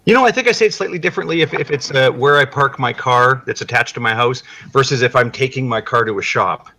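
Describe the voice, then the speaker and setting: Fast, bright-toned man for a casual rambling chat, swears a lot. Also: mid-range voice. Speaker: guest on a live chat stream.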